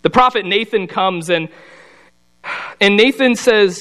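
A man with a notably high voice for a man leads a relaxed Bible lesson. He talks through the story like a conversation and drops into quick character voices for the people in it. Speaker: Bible study teacher. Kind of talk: casual Bible teaching.

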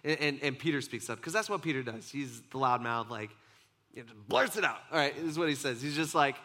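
Male pastor, conversational sermon, slightly high bright voice, playful asides. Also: fairly quick. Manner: conversational, acts out quoted voices, many asides. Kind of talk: casual sermon.

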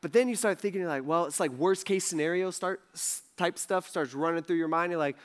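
Chatty high-voiced young man preaching. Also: brisk, smooth. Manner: chatty, acts out characters in quotes, lots of fillers. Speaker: pastor. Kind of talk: casual sermon storytelling.

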